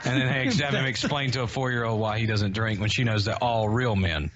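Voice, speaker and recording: A man's voice: lowish voice, brisk. A man co-hosting a radio show, ranting in mock anger with laughter. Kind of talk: casual profane banter. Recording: dull lo-fi sound with loud noise.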